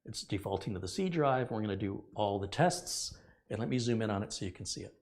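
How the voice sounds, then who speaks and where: A man's voice: lowish voice, lively intonation, fast talker, a little mellow. A middle-aged man hosting a computer repair tutorial, talking earnestly and rambling as he corrects himself. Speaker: tech channel host. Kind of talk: casual tech tutorial.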